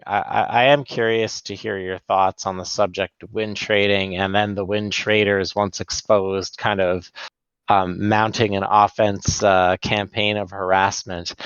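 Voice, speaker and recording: A man co-hosting a gaming podcast, speaking hesitantly and in a measured way, often stopping and restarting. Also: lowish voice, fairly bright tone, smooth, no room sound, dull audio. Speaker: podcast co-host. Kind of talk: casual podcast chat.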